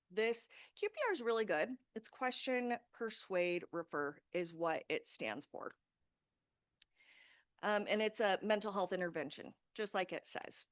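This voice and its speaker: A woman's voice: medium pitch, fairly bright tone, no room sound, studio quality. A woman in her thirties giving an informal presentation to a group, talking casually and conversationally with frequent fillers. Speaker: safety talk presenter.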